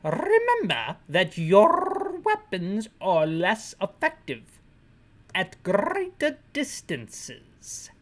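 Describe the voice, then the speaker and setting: A woman voicing a pompous male radio commander in a deliberately bad British put-on, reading out instructions slowly and over-pronouncing every word. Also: lowish voice, big pitch swings, full character voice. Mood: stuffy.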